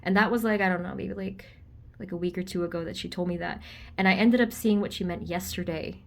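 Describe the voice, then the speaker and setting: A woman doing a pick-a-card tarot reading for viewers, gentle and reassuring, chatty, with frequent ums and an easy laugh. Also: fairly low pitch, steady tone, fairly quick, creaky. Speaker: tarot reader.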